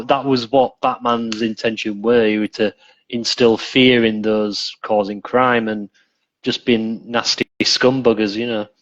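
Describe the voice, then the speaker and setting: Man, muffled audio. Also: mid-range voice. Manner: relaxed, rambling, restarts sentences often. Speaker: podcast guest. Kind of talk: casual chat.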